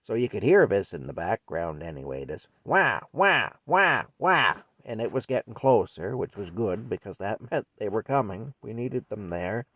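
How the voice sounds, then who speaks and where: Older man with a deep gravelly voice. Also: lively intonation, normal speed, hardly any pauses, a little mellow, no room sound. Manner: rambling, folksy, repeats himself. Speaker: storyteller. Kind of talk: casual spoken memoir.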